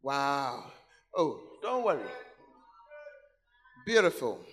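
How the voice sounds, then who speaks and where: A man preaching a sermon to a church congregation, calling out to the people in the seats and repeating key words, swinging between loud exclamations and low asides. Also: sing-song, very slow. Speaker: pastor. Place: large church hall.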